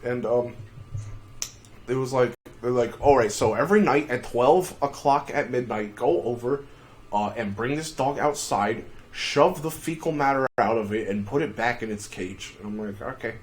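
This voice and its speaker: A man telling a crude, profanity-filled story on a casual livestream, with shouted outbursts. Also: mid-range voice, moderate pace. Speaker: streamer.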